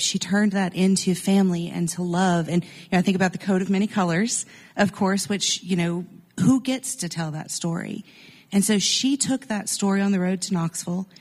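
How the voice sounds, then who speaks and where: Woman guest on a radio interview, kinda low voice, emphatic, really into it. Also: a little mellow.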